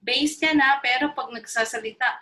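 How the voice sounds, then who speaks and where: A woman's voice: high voice, fairly even intonation, normal speed, bright, forceful tone, low-quality recording. A woman with a Filipino accent teaching voice in an online choir workshop, mixing English and Filipino in a coaxing, playful way over a video call.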